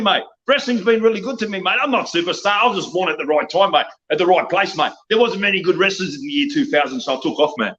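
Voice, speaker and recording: A man's voice: high-pitched, quick pace, few pauses, highs cut off. A drunk middle-aged man with an Australian accent, a wrestler guest ranting loosely on a podcast, saying mate and bro constantly. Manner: loud, excitable, rambling, says mate and bro constantly. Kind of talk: rambling podcast rant.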